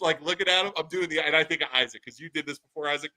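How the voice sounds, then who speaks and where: A man's voice: on the high side, fast talker, hardly any pauses, rough recording. A man co-hosting a podcast, telling a story in casual chat and acting out what people said. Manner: animated storytelling, acts out quotes. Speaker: podcast co-host.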